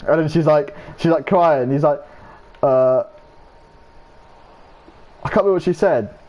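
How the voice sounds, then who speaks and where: A young man streaming a football game, casually retelling comedy scenes, swearing often and jumping into high squeaky voices for the lines he quotes. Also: measured pace, a little mellow, muffled recording.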